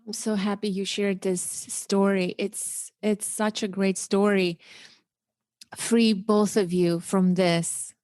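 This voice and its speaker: A calm woman hosting a podcast interview, speaking slowly with a flat, steady voice. She offers short, supportive affirmations to her guest. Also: medium pitch. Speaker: podcast host. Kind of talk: interview conversation.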